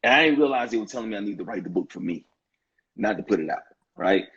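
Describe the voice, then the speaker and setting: A man in his fifties with a very raspy, gravelly voice, speaking earnestly and with heartfelt emphasis. He restarts and repeats phrases as he works through his points. The sound is dull and lo-fi, like a streamed interview. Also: lowish voice, animated, quick pace, fairly bright tone. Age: 50s. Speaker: interview guest, author. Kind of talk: earnest conversational interview talk. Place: online live-stream interview.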